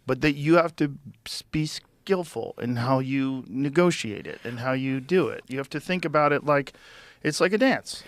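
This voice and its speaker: A man's voice: medium pitch, normal speed, no room sound. Male podcast host, laid-back, emphatic delivery, dry studio sound. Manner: emphatic, repeats words, swears casually. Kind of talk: casual conversation.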